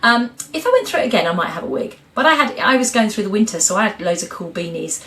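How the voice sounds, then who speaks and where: A woman's voice: medium pitch, fast talker, slight background noise. A middle-aged woman talking frankly and expressively as an interview guest. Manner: frank, expressive, animated storyteller. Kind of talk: candid interview conversation.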